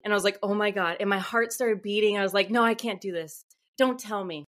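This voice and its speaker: A woman author, a podcast guest, telling a story in a chatty, animated way with lots of fillers. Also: mid-range voice, fairly quick. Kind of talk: casual podcast interview storytelling.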